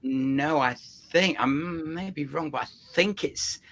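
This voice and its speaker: A man's voice: on the high side, slow, a bit bright. An older man from England, a guest father who hesitates and thinks aloud in a casual video call chat.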